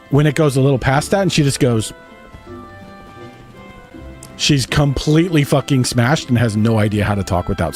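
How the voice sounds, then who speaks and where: Animated, rambling streamer guy. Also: medium pitch. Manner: rambling, profane, chatty. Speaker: game streamer. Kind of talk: casual storytelling while gaming.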